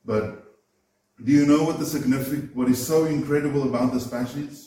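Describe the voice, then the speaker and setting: A man's voice: mid-range voice, fairly even intonation, normal speed, dark tone. A man preaching a sermon, earnest and emphatic, often repeating words as he builds a point. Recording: roomy echo, voice from far off the mic.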